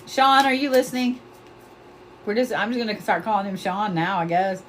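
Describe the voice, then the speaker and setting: A woman's voice: medium pitch, normal speed, a little hiss or hum. A woman hosting a psychic reading livestream, blunt and profane, laughing often and repeating her points with force. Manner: emphatic, repeats commands to the viewer. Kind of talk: casual livestream chat.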